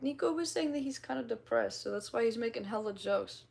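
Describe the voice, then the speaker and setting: A woman's voice: a little high, fairly even intonation, moderate pace, creaky. A young woman from the Midwest with a slight twang, chatting casually and reading viewer comments on a livestream, rambling and giggly with casual swearing.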